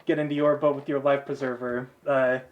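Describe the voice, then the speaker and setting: A man's voice: mid-range voice, a little fast, narrow, tinny audio. Laid-back male game master. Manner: relaxed, laughs often, many fillers. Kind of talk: narrating a tabletop game.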